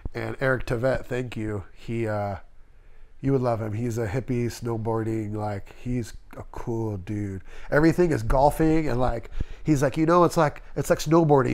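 A man's voice: mid-range voice, gravelly. A man in his thirties from Las Vegas, a tattoo artist telling candid, emotional stories in a casual interview and swearing freely.

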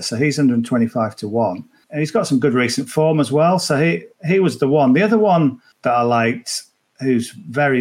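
A man chatting casually as a golf betting guest on a podcast, rambling with many restarts and fillers. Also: mid-range voice. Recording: remote, at the tournament venue.

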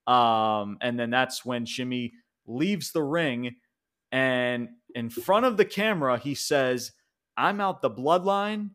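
A man co-hosting a podcast, recapping a wrestling show in an excited, rambling way with restarts and casual swearing. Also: mid-range voice, slow pace, clean tone. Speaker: podcast co-host.

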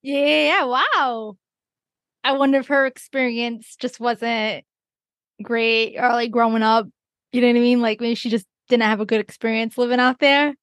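A woman's voice: fairly high pitch, fairly even intonation, moderate pace, fairly bright tone, no echo, studio quality. A woman co-hosting a podcast, chatting casually and reacting with easy laughs. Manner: responsive listener, laughs easily. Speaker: podcast co-host. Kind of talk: casual chat.

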